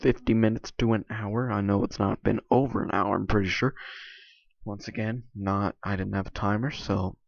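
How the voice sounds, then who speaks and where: A man's voice: lowish voice, fairly even intonation, moderate pace, vocal fry, no echo. Young male vlogger, hesitant and filler-heavy, tired sore voice, lo-fi recording. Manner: hesitant, many restarts and "like" fillers. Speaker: YouTuber. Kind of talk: casual rambling vlog monologue.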